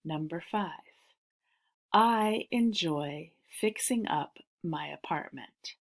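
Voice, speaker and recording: A woman reads dictation sentences aloud slowly and carefully. Her voice sits slightly low, and she repeats each sentence for the listener. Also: lively intonation, vocal fry. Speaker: dictation reader.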